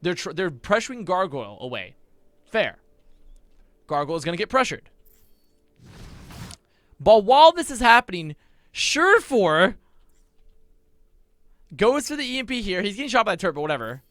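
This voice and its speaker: A young man breaks down an esports match in a high, tense voice, rushing through his points and restarting sentences. He curses freely and gets worked up over big plays. Soft music plays underneath. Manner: rapid, swearing, restarts, excitable. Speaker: esports analyst. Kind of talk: casual match breakdown commentary.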